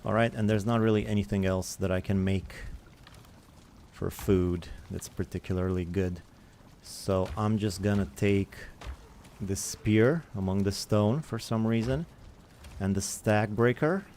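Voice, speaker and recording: A man's voice: on the low side, measured pace, a little mellow, slight background noise. A man giving rambling, self-mocking commentary while he plays a survival game and answers chat. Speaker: gaming streamer. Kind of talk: casual let's-play commentary.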